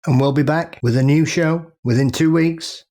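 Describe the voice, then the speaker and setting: A man's voice: on the high side, steady tone, moderate pace, warm tone. A man co-hosting a podcast, chatting casually and cracking dry jokes. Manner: dry, joking. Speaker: podcast co-host.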